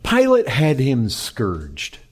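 A man preaching a sermon, animated, swinging between loud high emphasis and quiet low lines. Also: slow, breathy edge. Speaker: pastor.

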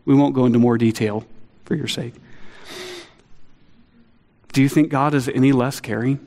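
A middle-aged man preaching a sermon, earnest and animated, acting out quotes with a lifted voice. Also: normal speed. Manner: earnest, animated, acts out quotes with rising pitch. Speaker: pastor. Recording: long hall reverb.

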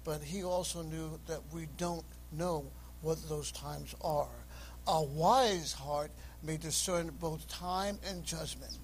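High-voiced impassioned preacher, man. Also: slow pace, a little hiss or hum, low-quality recording. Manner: impassioned, rising to high shouts; reads scripture aloud in King James wording. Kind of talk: sermon.

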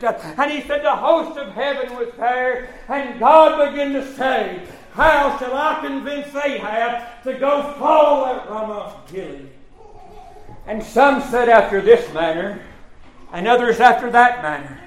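A high-pitched man preaching with passion, jumping from loud shouted points to soft, almost muttered asides. His voice rings out in a roomy church sanctuary with a clear echo. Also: expressive, unhurried. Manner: impassioned, swings between shouting and quiet asides. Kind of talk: sermon.

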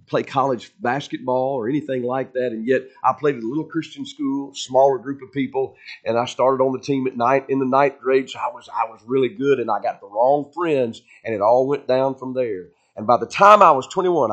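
Earnest preaching pastor, higher voice. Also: male voice. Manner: earnest, conversational storytelling preaching with repeated phrases. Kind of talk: revival sermon. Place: church sanctuary.

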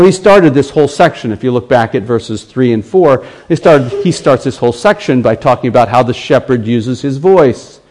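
An American man preaching a sermon, earnest, slowing right down when he quotes scripture. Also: mid-range voice, a little mellow, low-quality recording. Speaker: pastor.

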